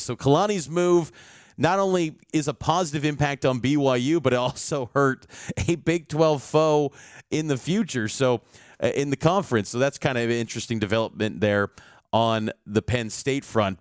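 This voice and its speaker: Male sports reporter, confident stat-driven game preview, smooth resonant voice, dry close sound. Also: mid-range voice, dry recording. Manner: stat-heavy, confident analysis.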